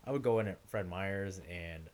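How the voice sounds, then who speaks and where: A man in a casual chat with friends, telling an animated story with swearing and laughs. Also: sits low, moderate pace.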